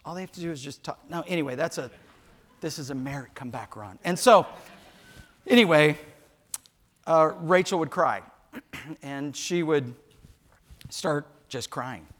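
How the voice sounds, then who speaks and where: A man in his sixties telling a funny story in a sermon, animated and jokey, acting out voices. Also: on the high side, a little slow, pauses often. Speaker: pastor.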